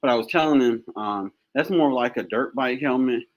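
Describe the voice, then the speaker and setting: A man hosting a motivational live stream in casual chat, animated and joking, laughing often. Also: medium pitch, normal speed, no room sound, muffled recording.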